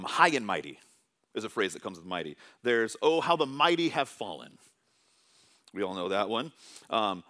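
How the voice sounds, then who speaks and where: A man preaching a sermon in a church setting, talking in a conversational, animated way with fillers and asides to his listeners. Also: mid-range voice.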